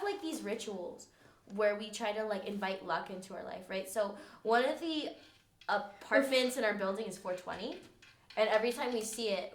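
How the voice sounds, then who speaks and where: A woman's voice: mid-range voice, fairly bright tone. Giggly young woman in an echoey room. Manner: giggly, quick, slangy storytelling. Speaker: podcast co-host. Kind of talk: casual chat.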